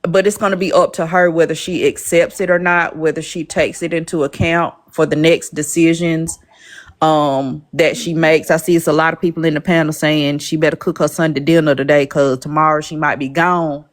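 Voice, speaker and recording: A woman hosting a live-stream panel, speaking calmly and thoughtfully, with frequent pauses. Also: deep voice. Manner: calm, measured, with frequent "um" pauses.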